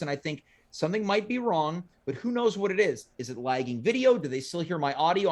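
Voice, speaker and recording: A man's voice: a little high, animated, brisk. A man hosting a comedic talk show, playful and self-mocking. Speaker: host.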